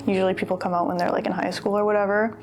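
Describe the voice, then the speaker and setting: A woman's voice: mid-range voice, flat delivery, rapid-fire. A young woman speaking earnestly and chattily in a personal interview, with casual fillers. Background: guitar music.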